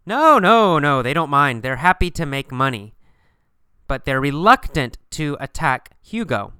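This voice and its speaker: Slow, bright-voiced man teaching by questions. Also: a little high, big pitch swings, smooth, no room sound, studio quality. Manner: asks and answers his own questions, repetitive, emphatic. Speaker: English teacher. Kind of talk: question-and-answer story lesson.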